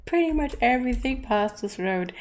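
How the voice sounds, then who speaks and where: A woman's voice: on the high side, lively intonation, normal speed. A woman streamer chatting casually and encouraging her teammates while she plays. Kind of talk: casual gameplay chat.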